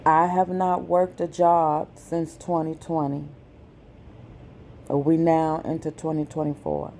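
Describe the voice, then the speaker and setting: A woman vlogger, speaking slowly and with feeling in a personal message to her viewers. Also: deep voice, flat delivery, dark tone, a little hiss or hum. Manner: slow, deliberate, emotional.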